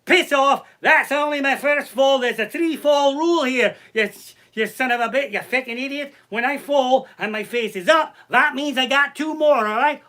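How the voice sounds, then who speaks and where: Brief: man putting on a rowdy drunk Irish lady, shrill, bright, hurling curses from a ditch. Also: normal speed, hardly any pauses. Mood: indignant. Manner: shouting curses, indignant. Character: drunk, foul-mouthed Irish woman, defiant.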